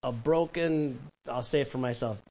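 A man preaching a sermon as pastor, animated and conversational, with quick asides to the congregation. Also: mid-range voice, rough recording.

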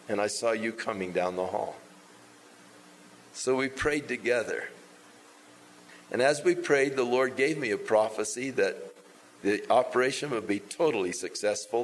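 Man telling a lively sermon story. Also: on the low side, slight background noise, poor audio. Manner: animated, acts out quoted dialogue.

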